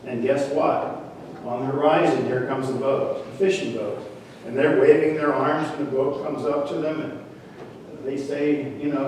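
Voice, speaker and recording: A man's voice: medium pitch, fairly even intonation, normal speed, darkish tone, distant mic, a little hiss or hum. A male pastor preaching a sermon in a church, telling a story in a folksy, conversational way. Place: church sanctuary. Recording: echoey church hall from afar.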